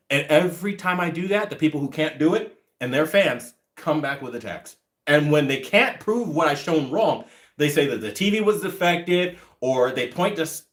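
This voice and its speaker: A man in his thirties hosts his own live stream and talks straight to the viewers. He rants bluntly and swears freely, and his voice sits a touch high and swings up and down. He reads out comments as they come in and answers them. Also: fast. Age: 30s. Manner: blunt, profane, ranting, animated. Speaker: channel host answering live chat. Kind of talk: casual livestream chat.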